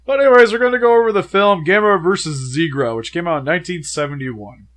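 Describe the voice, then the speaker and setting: A man's voice: sits high, fast talker, a bit bright. A man co-hosting a casual movie review chat, recovering from a sickness with a worn voice and chewing gum as he jokes. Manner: chewing gum while talking, joking banter. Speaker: co-host of a movie review show.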